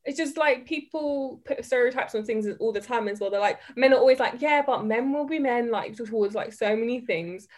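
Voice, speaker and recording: A woman's voice: on the high side, a little fast, hardly any pauses, darkish tone. A young woman in casual chat, asking exasperated rhetorical questions.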